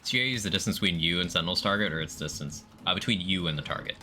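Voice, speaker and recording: A man's voice: low voice, rapid-fire, pushed and bright, faint music behind. A man streaming live, casually explaining game mechanics in detail while greeting viewers in chat. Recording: background noise.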